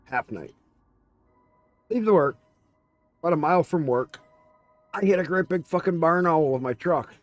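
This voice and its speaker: A man streaming a game, telling a story in casual, animated chat and swearing freely. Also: fairly high pitch, moderate pace, pauses often, no echo, soft background music.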